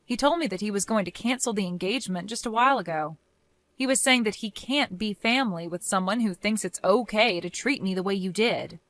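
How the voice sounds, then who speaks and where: A young woman speaks in a cold, firm, measured voice, bright and clear in tone. Her voice sits close and dry on the mic, with no room around it. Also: medium pitch, dry recording. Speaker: narrator and main character. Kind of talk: scripted story voice acting.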